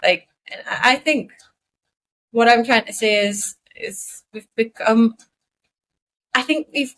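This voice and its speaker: A woman's voice: fairly high pitch, slow pace, a bit bright, poor audio. A woman co-hosting a podcast in casual chat, thinking her ideas through aloud in a musing way. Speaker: podcast co-host.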